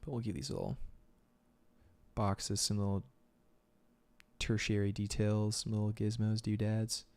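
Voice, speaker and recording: A man chatting casually as he sketches on a live stream, relaxed and rambling, with lots of "like"s and filler words. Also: on the low side, a little slow, long pauses. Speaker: illustrator streaming his sketching. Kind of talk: casual chat while drawing on stream.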